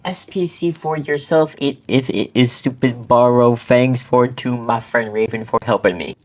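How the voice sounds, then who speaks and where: A man's voice: mid-range voice, steady tone, normal speed. A man casually reading a story aloud to a friend on a voice call, stumbling over words and breaking into laughs. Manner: giggly, reads with frequent laughing breaks and stumbles. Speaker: co-host reading a fanfic aloud.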